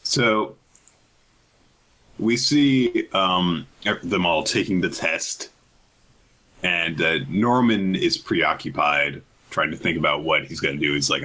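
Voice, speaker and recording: A man's voice: takes it slowly, low-quality recording. A man co-hosting a casual podcast, recapping manga chapters and acting out characters' lines. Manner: animated, acts out characters' lines in high voices. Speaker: podcast co-host.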